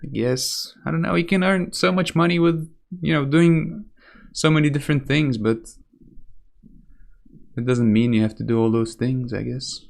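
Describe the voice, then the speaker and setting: A man's voice: mid-range voice, normal speed, creaky, a little mellow. A young man from Russia with a light Russian accent, chatting casually on a live stream, rambling and correcting himself often. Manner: rambling, hesitant, self-correcting, casual swearing.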